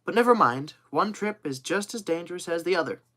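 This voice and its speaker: A man's voice: high-pitched, animated, brisk, sharp tone, pitched above the performer's own voice. A man voicing a skeptical, stubborn hunter who speaks bluntly.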